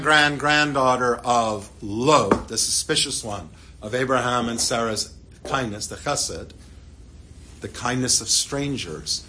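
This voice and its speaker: A man teaching as a rabbi, retelling a scripture story in a lively, conversational way with asides to his listeners. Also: mid-range voice. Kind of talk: Torah lesson storytelling.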